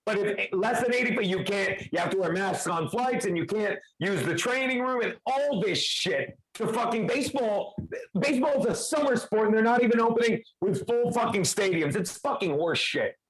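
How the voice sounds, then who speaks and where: Brash high-voiced podcast cohost. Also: male voice, animated, moderate pace, low-quality recording. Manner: profane, brash, mocking. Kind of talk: casual podcast banter.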